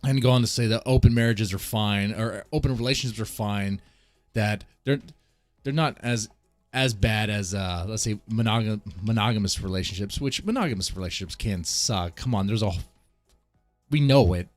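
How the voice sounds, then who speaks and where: A man's voice: lowish voice, moderate pace, no echo, soft background music. A man hosting a casual live stream, ranting bluntly and laughing often as he comments. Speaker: streamer host.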